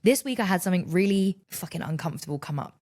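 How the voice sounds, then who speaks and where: Thirty-something woman podcasting solo, candid and sweary, animated storytelling. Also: fairly low pitch, fast. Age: 30s. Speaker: podcast host. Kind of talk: casual solo podcast monologue.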